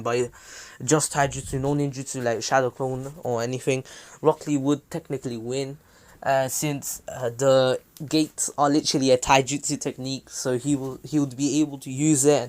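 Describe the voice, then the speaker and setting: A man's voice: mid-range voice, level tone, normal speed, darkish tone. Rambling casual young man storyteller. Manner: rambling, with many fillers and self-corrections. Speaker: YouTuber retelling a fan story. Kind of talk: casual spoken retelling.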